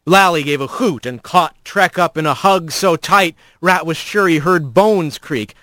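A man reading a storybook aloud as narrator, in an expressive, animated way. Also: on the high side, a little slow, no echo.

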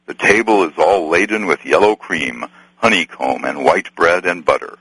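A man's voice: deep voice, moderate pace, fairly bright tone, slightly rough, no room sound, exaggerated voice, poor audio. A man voicing a merry old rustic nature spirit in an archival dramatic reading, sing-song and rhyming in old country dialect. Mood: hearty.

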